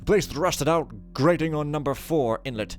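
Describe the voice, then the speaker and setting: A man's voice: a little high, a little slow, a little mellow, faint music behind, natural voice. A man voicing a grumbling male maintenance foreman in a put-on accent, reading out a work log in a game.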